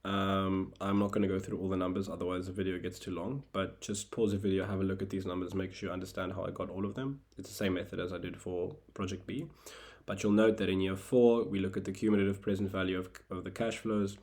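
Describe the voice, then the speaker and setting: A man's voice: low voice, little pitch movement, quick pace, darkish tone. A young South African man with a South African accent, tutoring through a recorded screen lesson. He explains each step in turn and drops in wry asides.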